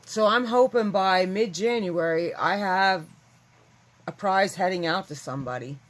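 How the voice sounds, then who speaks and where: A woman's voice: mid-range voice, a little slow, rough recording. A woman chatting casually to her viewers, rambling and candid. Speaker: vlogger. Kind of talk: casual chat to camera.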